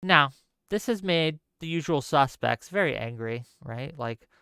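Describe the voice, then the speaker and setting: A man's voice: a little high, lively intonation, a little slow, bright, forceful tone, clean tone, no room sound, clean studio sound. A man hosting a livestream political commentary show, ranting sarcastically and exasperated at his viewers and reading their chat. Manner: talks straight to viewers, reads chat.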